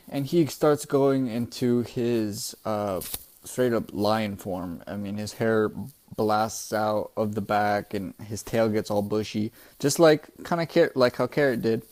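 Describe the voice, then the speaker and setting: A young man recapping a comic chapter in a casual, excitable, profane way, often calling his listeners "bro". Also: medium pitch, takes it slowly. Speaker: manga chapter reviewer.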